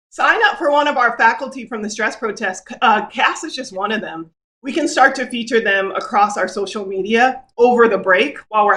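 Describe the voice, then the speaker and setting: A woman's voice: fairly high pitch, fairly bright tone. A woman co-hosting an online celebration over a video call, exuberant and laughing. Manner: exuberant, laughing, hype chant calls. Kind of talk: lively casual livestream hosting.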